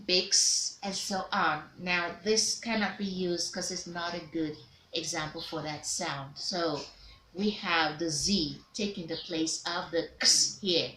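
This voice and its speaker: A woman's voice: mid-range voice, sharp tone, echoey room, a little hiss or hum. A woman teaching letter sounds as a diction teacher, drilling each sound and prompting the viewer to repeat it. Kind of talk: phonics lesson to camera.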